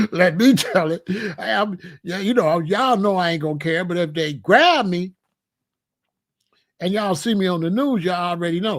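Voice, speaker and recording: A man's voice: high voice, lively intonation, normal speed, fairly bright tone. A man hosting his own commentary channel, joking and bragging in a casual, streetwise rant.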